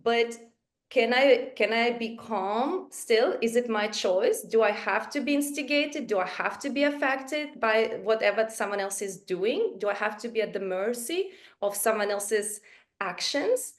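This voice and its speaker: A woman speaking as a webinar panelist over a video call, calm and measured, asking herself questions aloud. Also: on the high side. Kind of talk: reflective webinar talk.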